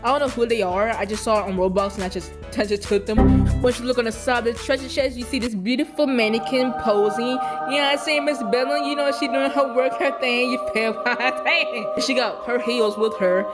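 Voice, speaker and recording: A young woman giving an excitable, giggly, slangy voice-over tour of a game build. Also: fairly high pitch, a little fast. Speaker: vlogger touring a game build. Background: background music.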